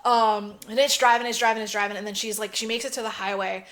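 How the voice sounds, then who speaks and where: A woman's voice: medium pitch, steady tone, quick pace, a bit bright. A woman co-hosting a podcast, animatedly retelling a movie plot, acting out characters and swearing freely. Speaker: podcast co-host. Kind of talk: casual movie recap chat.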